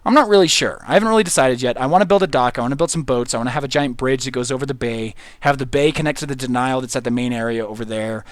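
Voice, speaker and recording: A man's voice: mid-range voice, fast talker, hardly any pauses, no room sound. A man streaming a game live, thinking aloud in a rambling, giggly way, full of "like" and "um" as he reads his chat. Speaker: livestreamer reading chat. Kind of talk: casual gameplay livestream commentary.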